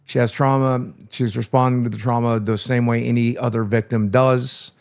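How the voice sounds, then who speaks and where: A man on a live stream panel giving his opinion in a tired, low-energy way. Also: level tone, moderate pace, creaky, darkish tone. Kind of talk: casual chat.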